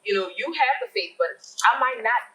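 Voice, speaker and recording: Woman host, bright sharp voice, chatty and laughing a lot while she asks stuff. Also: fairly high pitch, fairly quick, poor audio. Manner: empathetic, laughs often, asks questions. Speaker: talk show host. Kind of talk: casual interview.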